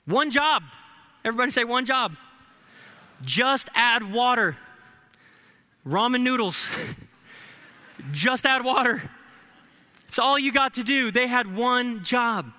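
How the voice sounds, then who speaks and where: Man, young adult, pastor, sermon, very high voice, humorous asides, shouts at peaks. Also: takes it slowly, long pauses. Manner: energetic preaching with humorous asides; builds to shouting.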